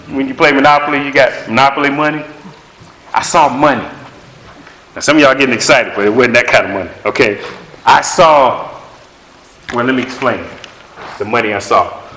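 A man's voice: mid-range voice, pushed and bright. A man preaching a sermon, emphatic and conversational, repeating phrases to drive points home. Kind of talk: sermon with prophetic words. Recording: echoey room.

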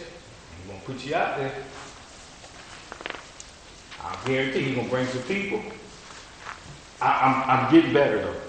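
Animated preacher man in an echoey hall. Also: medium pitch, noisy background. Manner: storytelling, animated, colloquial. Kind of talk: sermon.

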